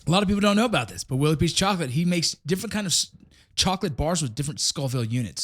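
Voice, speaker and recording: A middle-aged man hosting a casual podcast in an office, chatting loosely with a friend, swearing and laughing often as he reads sponsors. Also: fairly high pitch. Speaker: podcast host.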